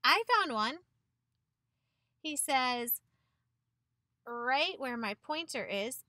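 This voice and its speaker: A woman's voice: high-pitched, animated, extremely slow, long pauses, bright, forceful tone, no room sound. A woman teacher giving a picture-book read-aloud lesson to children, encouraging them and asking questions that she answers herself.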